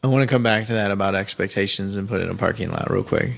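A man co-hosting a casual couples podcast, talking in a measured, explanatory way and retelling conversations step by step. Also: on the low side, gravelly, fairly bright tone. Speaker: podcast co-host.

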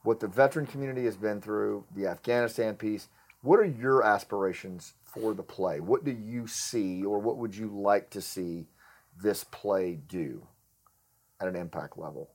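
A man's voice: lowish voice, moderate pace. A man hosting a podcast interview, asking long rambling questions and affirming his guest. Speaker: podcast host. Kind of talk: casual interview conversation.

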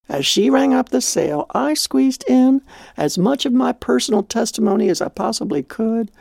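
A woman's voice: mid-range voice, gravelly, a little mellow, no room sound. A woman hosting a devotional radio talk, telling a story and preaching in a heartfelt, exclamatory way.

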